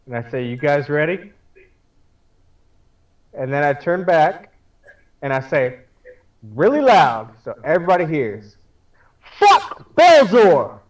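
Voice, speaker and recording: A man's voice: on the high side, animated, a little slow, long pauses, poor audio. A man playing a tabletop game, talking brashly and laughing often. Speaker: player. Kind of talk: casual tabletop game chat.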